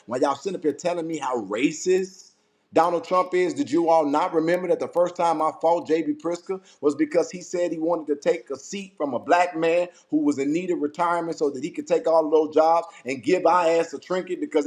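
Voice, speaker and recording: A man's voice: fairly high pitch, brisk, darkish tone. Man, angry political rant, swears a lot, repeats lines to drive points home. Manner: heated, profane, repeats himself for emphasis. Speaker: political commentator.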